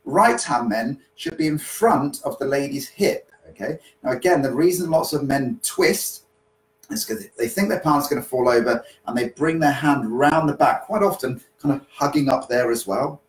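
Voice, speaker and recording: A man's voice: medium pitch, moderate pace, rough recording. Chatty male dance teacher checking in. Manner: chatty, repeats "okay?" to check in. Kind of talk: live-streamed dance lesson podcast.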